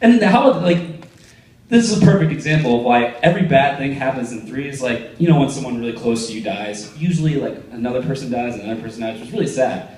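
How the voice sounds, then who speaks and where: A fast-talking young comic with a mid-range voice performs a stand-up set, telling stories animatedly and slipping into voices for each character. The distant theater recording is echoey, punctuated by laughter from the crowd.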